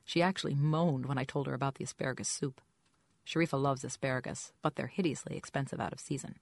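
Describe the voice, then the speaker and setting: A woman's voice: a bass voice, fast, creaky. A woman reading a first-person story aloud in a dry, wry storytelling manner. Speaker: audiobook narrator. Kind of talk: scripted first-person narration.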